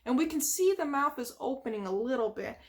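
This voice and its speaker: A woman's voice: high-pitched, lively intonation, brisk. A woman casually retelling a cartoon episode from memory, chatty, with lots of "like" and sound effects. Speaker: storyteller.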